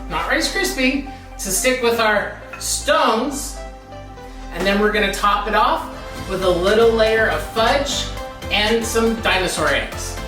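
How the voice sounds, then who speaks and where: A fairly high-voiced woman hosts a children's program in a playful, sing-song storytelling manner, talking straight to young listeners. She sounds far from the mic in a roomy, echoing space. Music plays clearly underneath her. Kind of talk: storytime reading and cooking demo for kids.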